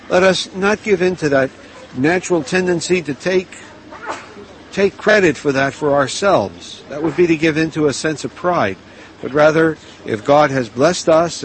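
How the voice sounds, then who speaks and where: A man preaching a sermon, narrating and exhorting in a calm, measured way. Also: fairly high pitch, slight background noise, low-quality recording.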